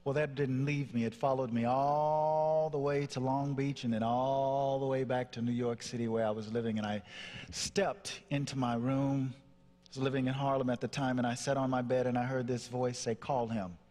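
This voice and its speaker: A man's voice: medium pitch, level tone, normal speed, a little mellow. Guy from nashville doing a dramatic stage story, acts out the voices, long hall echo. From Nashville, Tennessee. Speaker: motivational speaker.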